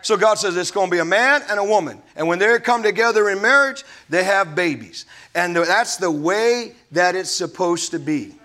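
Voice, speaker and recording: A male pastor delivers a sermon in a high, bright, forceful voice. He preaches with emphasis and drops in folksy asides. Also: animated, moderate pace, few pauses.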